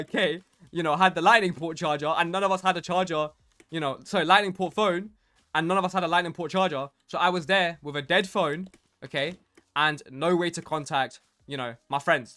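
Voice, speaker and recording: A man's voice: a little high, a bit bright. A young man from England casually telling a rambling story while he plays a game, full of fillers and restarts. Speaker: gaming streamer telling a story.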